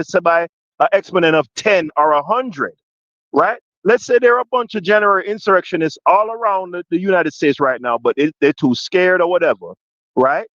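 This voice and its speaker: A man with a Jamaican accent, talking politics on a podcast with a slightly high voice. He asks long rambling questions, restarts his sentences and keeps checking in with "right?". The dry, dull, lo-fi sound carries him as he builds up heat. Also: no echo. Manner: grows louder and more forceful when passionate. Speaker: podcast co-host. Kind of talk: heated political discussion.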